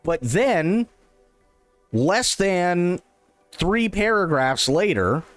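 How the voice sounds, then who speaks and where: A man's voice: high voice, sing-song, very slow, fairly bright tone, no echo, faint music behind. A man hosting a livestream, giving casual reaction commentary, repeating himself and stumbling over restarts. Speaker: livestream host reacting to an interview.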